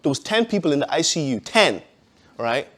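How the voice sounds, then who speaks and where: A man's voice: on the high side, very animated, brisk, fairly bright tone. Chatty man giving a testimony. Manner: conversational, many "you know"s, laughs often. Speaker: speaker giving a personal testimony. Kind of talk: casual spoken testimony.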